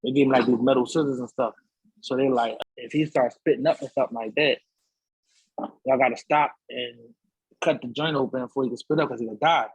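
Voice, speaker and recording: A man's voice: medium pitch, fairly even intonation, a little fast, slightly rough, no room sound, low-quality recording. A man, a podcast guest, telling a story in slangy casual talk, acting out the voices of the people in it. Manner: slangy, repeats "so I'm like", acts out voices. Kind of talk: animated storytelling in casual conversation. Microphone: studio podcast mic.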